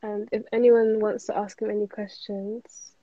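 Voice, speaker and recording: A woman's voice: mid-range voice, level tone, normal speed, dark tone, dry recording, highs cut off. A woman hosting a live interview, putting brief, encouraging questions. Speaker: interview host.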